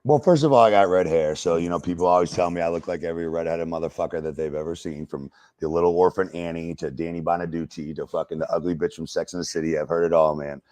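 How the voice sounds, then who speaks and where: Deep-voiced, profane storytelling man. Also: fairly even intonation, quick pace, hardly any pauses, a little mellow, dry recording. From United States. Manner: profane storyteller, lots of fillers. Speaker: wrestler and stand-up comic guest. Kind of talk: casual uncensored interview.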